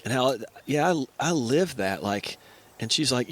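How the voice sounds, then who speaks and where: A man telling stories in a casual chat among brothers, animated and acting out the voices of people he quotes. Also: medium pitch, normal speed, hardly any pauses. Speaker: guest, brother. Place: mountain cabin.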